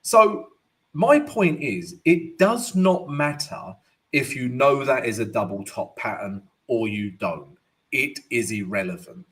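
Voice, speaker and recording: A man's voice: mid-range voice, lively intonation, slow pace, a bit bright. A man hosting a live-stream trading lesson and Q&A, chatty and loose, ending points with "right?". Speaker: forex trading educator and host. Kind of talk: live-stream market analysis and Q&A.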